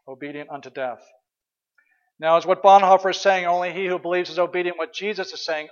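A man's voice: high-pitched, steady tone, fairly quick, highs cut off. A man preaching a sermon as pastor, earnest and questioning, sometimes hesitating and restarting.

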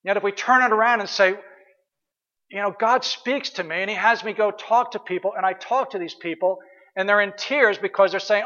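A man's voice: sits high, a little fast, pushed and bright, dull audio. A man preaching a sermon as pastor, earnest and questioning, sometimes hesitating and restarting.

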